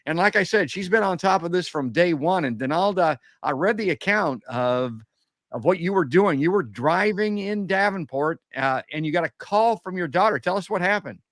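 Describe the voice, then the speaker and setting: A man's voice: high-pitched, expressive, normal speed, fairly bright tone, no echo, clean studio sound. A man hosting a live call-in podcast, reading news items aloud and commenting on them in a chatty way, talking straight to his listeners. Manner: chatty, addresses listeners as folks, many uhs. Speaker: podcast host.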